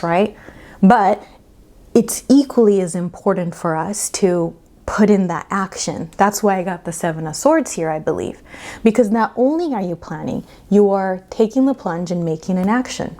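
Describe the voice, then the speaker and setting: A woman's voice: medium pitch, mellow. A woman giving a casual pick-a-card tarot reading, chatty and emphatic, often checking in with "okay?" and laughing between points. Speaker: tarot reader.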